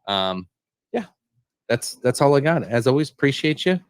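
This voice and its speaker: A man hosting a podcast, wrapping up in a loose, halting way with casual swearing. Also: mid-range voice, big pitch swings, clean tone, no room sound, studio quality. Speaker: podcast host.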